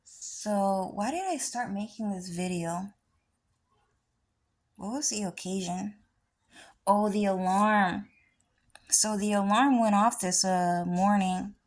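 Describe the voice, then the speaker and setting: A woman's voice: medium pitch, slow, pauses often. A woman vlogger talking in a rambling, casual monologue, often swearing.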